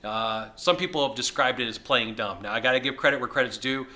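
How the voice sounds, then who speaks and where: A man with a bright, forward voice records a casual video from a hotel suite. He talks in an energetic, chatty way at a middling pitch. His voice is slightly hoarse, as if he is losing it. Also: brisk. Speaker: sales consultant. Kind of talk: casual video talk to camera.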